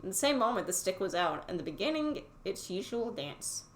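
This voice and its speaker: A woman reads a fairy tale aloud in a casual, unpolished way, her pitch lively and moving up and down. She drops in irreverent, swearing asides between passages. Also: a little fast, echoey room, rough recording. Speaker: reader and host.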